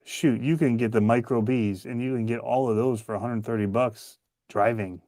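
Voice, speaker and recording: Relaxed man chatting on a stream. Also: mid-range voice, normal speed, no echo, studio quality. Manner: relaxed, laughs at himself. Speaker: co-host of a hobby talk stream. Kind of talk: casual chat.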